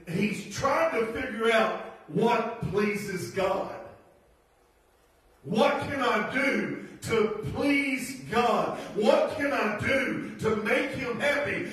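A man's voice: very high-pitched, extremely slow, a bit bright. A man preaching a sermon as pastor, folksy and given to laughing asides and rhetorical questions. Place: church sanctuary. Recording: very echoey church from far off.

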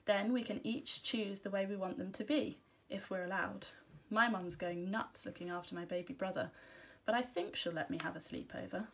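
A kind, helpful schoolgirl from a storybook, as a woman reading aloud voices her. She speaks warmly and quickly smooths things over. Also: medium pitch, steady tone, natural voice.

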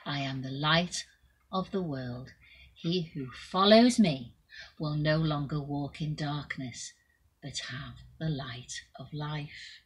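A woman voicing a kind male healer, speaking slowly, gently and solemnly. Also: sits low, husky, heavily acted.

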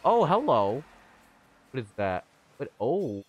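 A man giving chatty, excitable live commentary on a game he is playing, with sudden high squeals. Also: normal speed, muffled recording, soft background music. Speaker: streamer.

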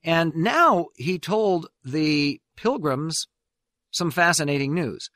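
A man's voice: on the high side, expressive, slow, a bit bright, dry recording, studio quality. A man hosting a radio history program, telling the story with emphatic, swelling stresses on key words. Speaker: radio host.

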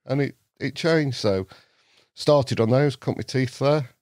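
A man's voice: mid-range voice, unhurried, dry recording, studio quality. A middle-aged man with a North Staffordshire accent, telling stories as a podcast guest in casual chat, laughing often. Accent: North Staffordshire English. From England. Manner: animated storyteller, laughs often.

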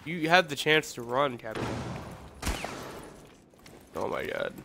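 A man's voice: on the high side, lively intonation, slow, pauses often, sharp tone. A man streaming a shooter game, commenting casually and mocking himself and his teammates. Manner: self-mocking, exasperated outbursts at teammates. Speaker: gamer streaming his play. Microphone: phone recording. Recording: noisy game audio underneath.

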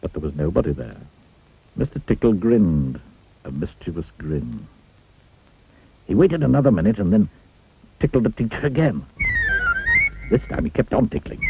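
A man's voice: fairly low pitch, huge pitch swings, normal speed, long pauses. A man reading a children's storybook aloud, playfully asking the listener questions. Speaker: storybook reader. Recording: tinny phone-like sound, faint music.

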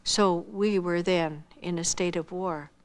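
A woman's voice: fairly low pitch, fairly even intonation, measured pace. Older woman telling her testimony. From Iowa, United States. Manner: earnest, acts out quoted dialogue, drops softly toward a whisper at tender moments. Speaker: missionary giving her testimony. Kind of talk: personal testimony storytelling.

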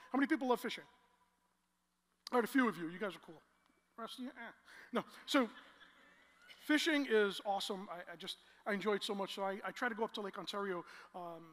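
Male preacher, storytelling sermon, pushes to loud emotional climaxes, bright tone. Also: high voice. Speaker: pastor. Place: large church hall. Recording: long church hall reverb.

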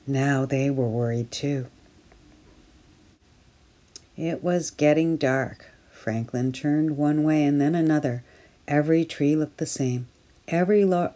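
A woman reading a children's picture book aloud for storytime, gently and clearly. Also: deep voice. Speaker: storytime reader at early years centre.

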